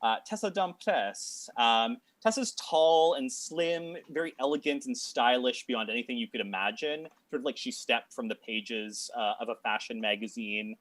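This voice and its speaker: A man narrating as game master of a tabletop game, talking in a halting way with many fillers and restarts. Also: medium pitch, a bit bright, no echo.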